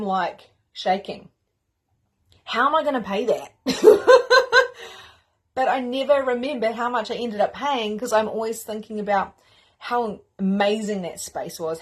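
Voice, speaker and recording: A woman spiritual mentor hosting a course, giving an energetic, emphatic motivational teaching talk in a casual manner with repetition. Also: medium pitch, slightly rough.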